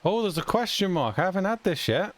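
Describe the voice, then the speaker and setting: This streamer, a young British man, chats casually as he games, rambling along with plenty of chuckles and mild swearing. He has a high voice and speaks very animatedly and fairly quickly.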